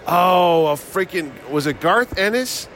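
A man's voice: high-pitched, animated, measured pace, fairly bright tone, a little hiss or hum. A man who runs a comic convention, chatting casually and teasingly outdoors, telling stories with quoted lines. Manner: joking, teasing, tells stories with acted-out quotes. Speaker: convention promoter and host. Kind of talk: casual chat.

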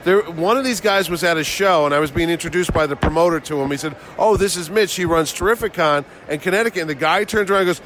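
A man's voice: on the high side, fast, few pauses, a bit bright, slight background noise. A man who runs a comic convention, chatting casually and teasingly outdoors, telling stories with quoted lines. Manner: joking, teasing, tells stories with acted-out quotes. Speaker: convention promoter and host. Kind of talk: casual chat.

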